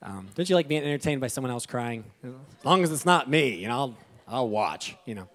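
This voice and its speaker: Excitable young man preaching from a stage. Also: medium pitch, a little fast. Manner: casual, emotional and excitable, with sudden loud bursts. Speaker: pastor. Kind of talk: sermon. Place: church stage.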